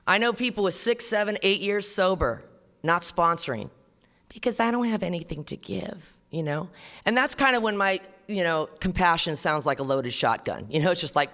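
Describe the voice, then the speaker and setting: Casting: a woman telling her story to a meeting, blunt and salty, bright-voiced, in a reverberant hall. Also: on the low side, very animated, moderate pace. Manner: blunt, profane, conversational storytelling. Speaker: recovery meeting speaker. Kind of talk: personal testimony talk. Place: meeting hall before an audience.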